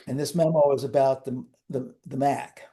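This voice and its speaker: A man's voice: medium pitch, steady tone, moderate pace, dark tone. An older man, a guest in an interview, telling wry, rambling anecdotes with frequent restarts.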